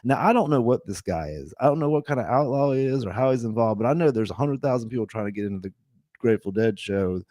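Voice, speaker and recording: A man's voice: medium pitch, lively intonation, quick pace, a little mellow, no room sound. A man in his fifties, a podcast host telling a story in a loose, rambling way with many restarts. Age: 50s. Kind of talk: casual storytelling.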